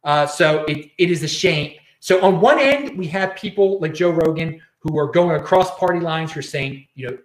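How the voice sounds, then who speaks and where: Man host, ranting commentary, slightly high voice, echoey room. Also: moderate pace, hardly any pauses. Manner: ranting, repeats words and restarts. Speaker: show host. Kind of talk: casual political commentary.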